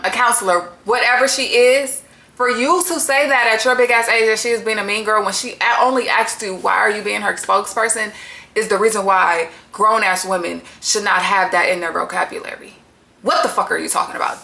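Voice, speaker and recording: A woman recaps a reality show in a bright, forceful voice, blunt and exasperated, cursing freely. Her voice rings a little high against an echoey room. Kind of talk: casual profane recap commentary.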